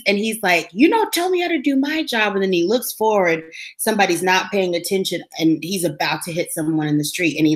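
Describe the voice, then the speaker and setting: A woman co-hosting a casual talk show, retelling a TV episode in an animated way and acting out the characters' lines. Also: low-pitched. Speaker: co-host recapping a TV episode. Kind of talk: casual chat.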